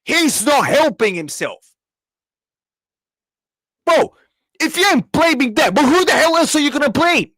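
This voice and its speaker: A man's voice: very high-pitched, big pitch swings, measured pace, long pauses, sharp tone, no echo, clean studio sound. Angry young man ranting. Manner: angry, repetitive, swearing, talks back to chat. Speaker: football reaction streamer. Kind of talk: live match reaction rant.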